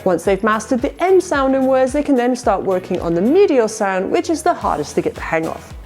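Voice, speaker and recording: A woman teacher narrating an instructional video, upbeat and sounding out letters clearly. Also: a little high, sing-song, brisk, a little mellow, soft background music. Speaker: ESL teacher.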